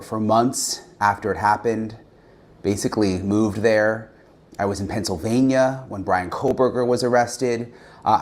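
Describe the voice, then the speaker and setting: A man hosting his own show as a journalist, introducing it in an earnest, slightly halting way. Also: fairly low pitch.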